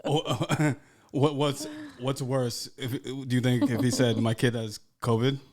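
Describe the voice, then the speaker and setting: A man's voice: medium pitch, steady tone, measured pace, darkish tone. A man co-hosting a casual podcast chat, blunt and casual with his swearing. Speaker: podcast co-host.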